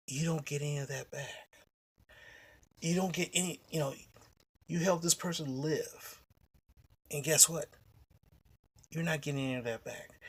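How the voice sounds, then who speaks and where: A man recounting a personal story straight to camera, loose and rambling, with plenty of cursing and false starts. His voice sits a bit on the higher side for a man. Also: breathy edge. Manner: blunt and profane, rambling with restarts. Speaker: vlogger.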